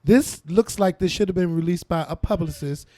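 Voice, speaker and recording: A man co-hosting a casual chat about TV shows and celebrity news, animated and profane, laughing often and quoting others. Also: sits high, normal speed, dry recording, studio quality. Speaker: podcast co-host.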